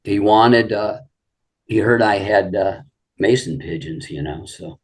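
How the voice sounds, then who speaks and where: Older male guest, gravelly and deep, easygoing storyteller who rambles. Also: a little slow. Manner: rambling anecdotes full of "you know". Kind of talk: casual storytelling interview.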